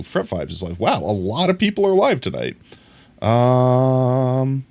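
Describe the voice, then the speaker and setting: Male streamer, lively pitch swings, jokey casual chat with viewers. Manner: playful, joking, chuckles often. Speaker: live streamer.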